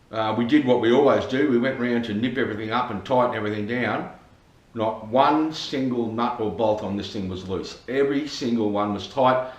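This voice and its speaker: An Australian man with a mid-range voice reviews a scooter from his home dining room, where the room sounds echoey. He's chatty and jokey, swears casually, and keeps coming back to a running gag.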